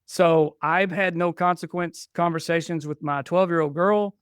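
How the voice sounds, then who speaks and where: A man's voice: a little high, moderate pace, clean tone, no room sound, clean studio sound. A man in his forties, a podcast guest, telling stories in casual chat and acting out the dialogue. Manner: animated, acts out dialogue in stories.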